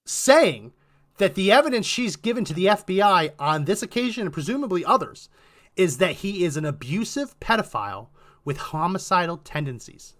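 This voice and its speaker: Bright-voiced man reading texts aloud. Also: sits high, very animated, normal speed. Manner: reads documents and messages aloud, then comments sardonically. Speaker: podcast co-host. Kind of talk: political podcast commentary.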